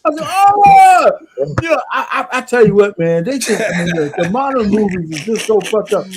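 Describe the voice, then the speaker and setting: A man co-hosting a podcast in casual chat, an animated storyteller who swears freely. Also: high voice, fairly quick. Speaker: podcast co-host.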